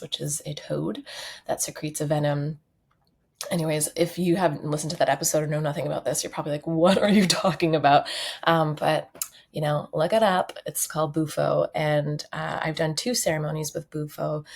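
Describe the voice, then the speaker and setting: A woman's voice: low voice, gravelly, husky. A young woman from Canada hosting a solo podcast, talking candidly and reflectively with frequent fillers. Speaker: podcast host.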